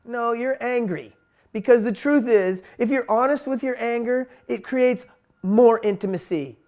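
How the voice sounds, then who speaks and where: A man's voice: extremely high pitch, unhurried, a little mellow. Blunt, emphatic man swearing freely. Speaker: spiritual teacher. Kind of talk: monologue talk.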